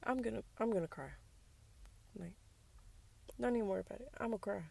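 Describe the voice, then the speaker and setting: Young woman hosting a casual solo podcast, sassy and candid, with a touch of fry in the voice. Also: mid-range voice, a little fast, dark tone. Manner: candid, sassy, drops into whispers for asides. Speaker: podcast host. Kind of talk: casual personal monologue.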